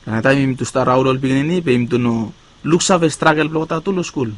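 A male preacher delivers a sermon in a voice of ordinary middle pitch. He lifts his key words with emphasis, then lets each phrase fade low and soft at its close. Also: fast.

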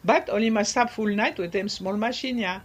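A man, talking casually in an interview. He slips French words into his speech and pauses often to search for words. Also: sits high, faint music behind. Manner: searching for words, many fillers. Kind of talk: casual conversation.

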